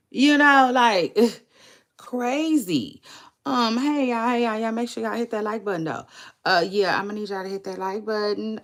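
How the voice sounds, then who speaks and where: Woman, 30s, casual livestream chat, rambling, fry in the voice. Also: mid-range voice. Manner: rambling, drawn-out, repeats phrases; slow, gravelly, laid-back delivery. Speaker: livestream vlogger.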